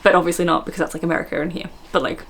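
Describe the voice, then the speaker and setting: A woman's voice: lowish voice, little pitch movement, rapid-fire, gravelly, a little hiss or hum. An Australian woman from Australia, chatting casually to camera as a vlogger, giggly and self-mocking. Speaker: vlogger host.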